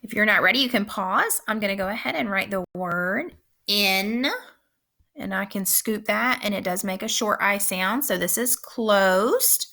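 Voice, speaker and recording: In a recorded phonics lesson, a woman teacher with a medium-pitched, pushed and bright voice speaks slowly and clearly. She repeats each word for young learners, keeping a measured instructional pace.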